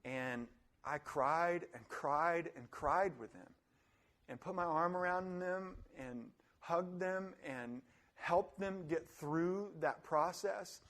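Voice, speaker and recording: High-voiced man giving a motivational talk. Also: takes it slowly. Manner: animated, laughs often, acts out voices. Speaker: motivational speaker.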